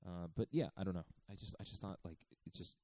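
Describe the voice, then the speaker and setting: A man's voice: low voice, expressive, fast, dark tone. A man in his thirties casually telling a story, rambling with lots of fillers. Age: 30s.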